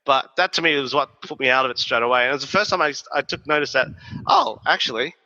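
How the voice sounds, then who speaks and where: A man, co-hosting a podcast and telling stories in a lively, swearing, casual way. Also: medium pitch, quick pace. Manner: animated, profane storytelling. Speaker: podcast co-host. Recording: dull, reverberant recording.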